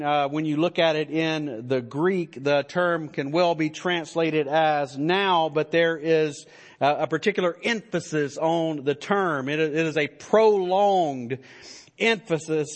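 A man preaching a sermon as pastor, in an emphatic style that builds to stressed declarations. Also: a little high.

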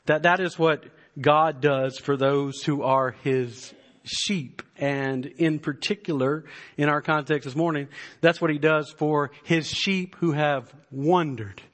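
A man's voice: on the high side, fairly even intonation. A man preaching a Sunday sermon, reading psalms aloud and repeating words as he builds to fervent emphasis. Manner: slow and deliberate, rising to fervent emphasis when reading psalms; repeats words while searching. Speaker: pastor.

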